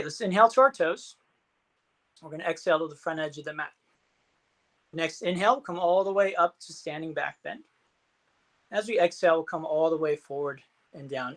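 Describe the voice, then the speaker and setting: A man teaching an online yoga class, calmly cueing each breath and pose, with some fillers. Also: fairly high pitch. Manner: calm breath-cued instructions, some fillers.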